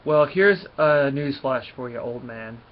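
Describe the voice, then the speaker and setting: A man reading aloud the lines of a tough, defiant young brawler, in a flat delivery. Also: medium pitch, measured pace, lightly acted. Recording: dull lo-fi recording.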